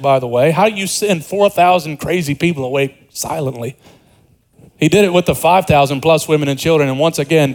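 A man's voice: on the high side, darkish tone, poor audio. A man preaching an expository sermon in a conversational way, repeating words and dropping joking asides.

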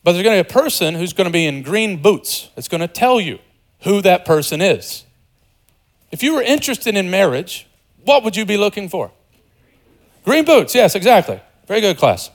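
A pastor preaching a sermon in an animated, conversational way, joking with the congregation and dropping to a hushed voice for quieter passages. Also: male voice, high-pitched, brisk. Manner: animated, swings between loud emphasis and hushed, softer passages.

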